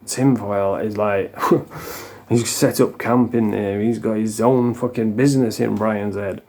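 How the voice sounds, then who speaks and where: A man's voice: on the low side, steady tone, unhurried, dark tone. A middle-aged man ranting casually to camera as the host of a commentary channel, blunt and scornful, swearing freely and restarting his sentences.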